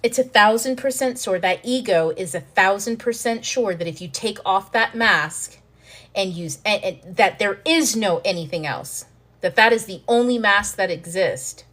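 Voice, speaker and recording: A woman hosting a self-help video, explaining ideas in a frank, animated way, swearing freely and acting out panicked inner voices. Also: mid-range voice, normal speed. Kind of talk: casual teaching monologue to camera.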